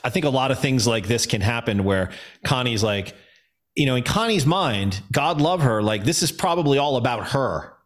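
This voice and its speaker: A man's voice: mid-range voice, expressive, moderate pace. A man hosting a casual chat, laughing and exclaiming a lot, then explaining things at length. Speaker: podcast host.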